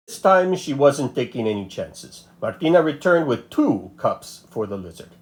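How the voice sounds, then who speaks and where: A man narrating a children's storybook aloud with a playful, expressive delivery. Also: mid-range voice, normal speed, hardly any pauses.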